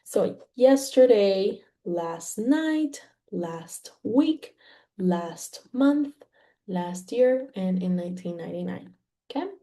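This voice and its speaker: Woman from Mexico, language teacher; mellow tone, unhurried, patient explaining. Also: medium pitch, animated. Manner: patient, repeats "okay?" after each point, slow and careful. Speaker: Spanish teacher. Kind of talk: explaining grammar to learners.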